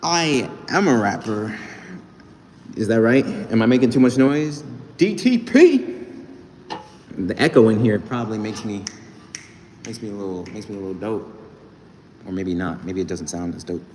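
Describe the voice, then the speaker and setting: A man's voice: lowish voice, steady tone, fairly quick, mellow. A young man livestreaming from a gym, chatting loosely with viewers, thanking them and reading their comments. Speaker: livestreamer and rapper. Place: indoor gym. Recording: echoey gym room, faint background noise.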